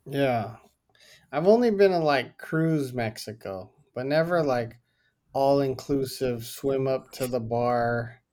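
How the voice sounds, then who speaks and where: A man's voice: medium pitch, slow, a little mellow. A man in casual chat, laid-back and teasing.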